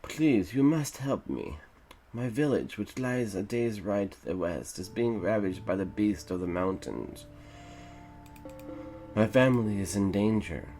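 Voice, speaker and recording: A man's voice: low-pitched, moderate pace, darkish tone, faint music behind. A man voicing a pleading, frantic old village man with a rattling, British-sounding voice.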